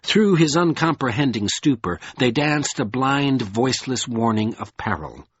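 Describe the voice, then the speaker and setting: A man narrating an audiobook in a slow, expressive reading. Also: medium pitch, slightly rough, no echo, highs cut off.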